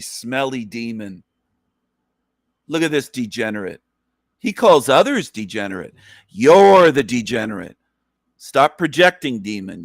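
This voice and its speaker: A man's voice: mid-range voice, no echo, studio quality. A man hosting a ranting commentary, scornful and insulting, repeating his phrases over and over. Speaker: channel host reacting to a clip.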